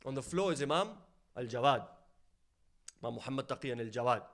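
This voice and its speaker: A man giving a sermon, telling a story and dropping to a hushed voice for its sad lines, then rising louder to stress his points. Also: fast. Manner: storytelling, drops to a low hushed voice for sad quotes. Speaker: speaker at an Islamic centre.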